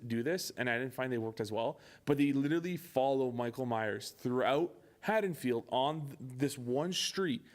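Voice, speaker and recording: A young man co-hosting a podcast in casual chat, swearing often and acting out movie lines. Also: medium pitch. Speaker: podcast co-host.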